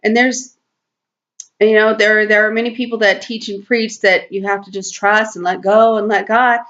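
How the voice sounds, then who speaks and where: A woman's voice: mid-range voice, flat delivery, moderate pace, a bit bright. A woman talking earnestly to camera in a personal spiritual vlog, rambling with lots of fillers and restarts, in a slightly lo-fi home video. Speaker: spiritual talk host.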